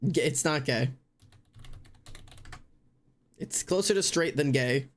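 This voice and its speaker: Slow-talking streamer thinking aloud. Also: mid-range voice. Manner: thinks aloud, spells words out letter by letter, self-mocking. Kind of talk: casual live-stream commentary while playing a word game.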